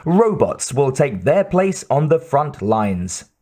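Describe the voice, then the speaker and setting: A man's voice: mid-range voice, big pitch swings, slow pace, warm tone. A man reading as a persuasive male narrator of a promotional military video. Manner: persuasive, salesy.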